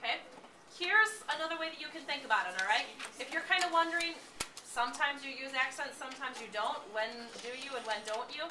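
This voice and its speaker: A woman's voice: high-pitched, fast. A woman teaching a classroom lesson, encouraging and often checking that the class understands. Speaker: Spanish teacher. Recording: echoey classroom from far off, background noise.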